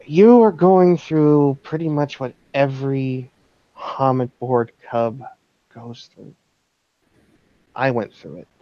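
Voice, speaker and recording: A man voicing a calm, seasoned female werewolf mentor who speaks patiently and reassuringly. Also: medium pitch, slow, pauses often, no room sound, lightly acted. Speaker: game master. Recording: dull dry lo-fi recording.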